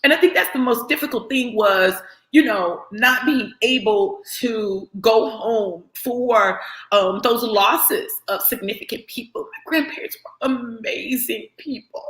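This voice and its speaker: A woman's voice: fairly high pitch, a little slow, fairly bright tone. A middle-aged woman gives a personal motivational talk. She speaks earnestly and often checks in with the listener by asking "right?". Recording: roomy echo.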